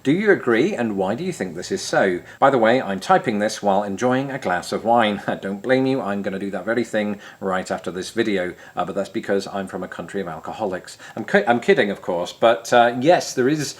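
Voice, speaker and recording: A man's voice: lowish voice, animated, a little fast, hardly any pauses. A man with an English accent from Grimsby, with some American R sounds, chatting wryly to camera as he answers viewer questions. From England. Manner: chatty and wry, self-deprecating jokes. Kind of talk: casual chat to camera.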